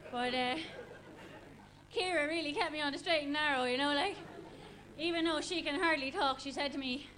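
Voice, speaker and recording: A woman's voice: sits high, moderate pace, pitched above the performer's own voice. A woman doing an impression of a chatty Irish athlete and mother, telling a rambling story in an Irish accent, in an archive TV sketch. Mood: gossipy. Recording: archive TV sketch with loud noise.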